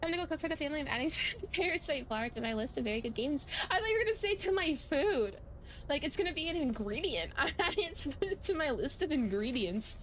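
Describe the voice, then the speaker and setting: A woman's voice: high-pitched, very animated, fast talker, a bit bright, slight background noise. A young woman casually streaming a horror game, giggling and reading the game's text aloud. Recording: game music behind.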